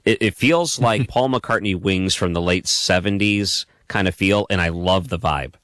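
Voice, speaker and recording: Man, radio host, very low voice, dry close sound, earnest rambling questions. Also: a little slow, fairly bright tone, no room sound. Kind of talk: late-night radio interview.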